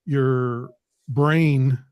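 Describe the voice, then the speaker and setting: A man's voice: medium pitch, fairly even intonation, extremely slow, clean tone, no echo, highs cut off. A man hosting a podcast interview, asking questions in a casual, hesitant way. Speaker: podcast host.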